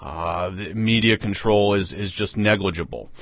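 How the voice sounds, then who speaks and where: On an online radio show, an American host with a low-pitched voice talks at a moderate pace through a repetitive, emphatic, rambling monologue. The recording is dry, dull and lo-fi.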